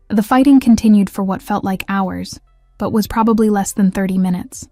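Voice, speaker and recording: A woman reading first-person audiobook narration in an even, measured way. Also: mid-range voice, dry recording, studio quality, faint music behind.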